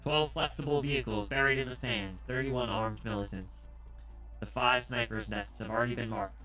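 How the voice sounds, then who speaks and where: A man voicing a terse male tactical engineer, reading a game story aloud in a flat, clipped, mechanical delivery. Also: mid-range voice, moderate pace, faint music behind, close to an everyday voice, rough recording. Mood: clipped report.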